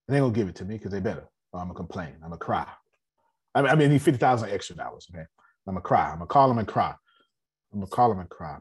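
A man with a low, husky voice hosts a business meeting in a loose, motivational way. He repeats his points and keeps asking whether everyone understands. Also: animated, fast, a little mellow. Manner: repetitive, often checks if listeners understand. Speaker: host of an online business meeting. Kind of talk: casual motivational talk to a group.

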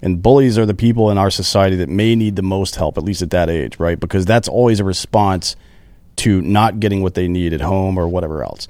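A man's voice: deep voice, fairly quick, darkish tone, no echo. Earnest man with a dry, close sound. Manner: earnest, explanatory, makes a case. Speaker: guest. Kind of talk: casual podcast chat.

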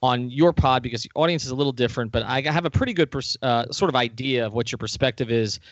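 A man's voice: mid-range voice, no room sound. Male podcast host, upbeat and joking; dry, muffled lo-fi sound. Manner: upbeat, talkative, quick to joke. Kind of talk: casual podcast chat.

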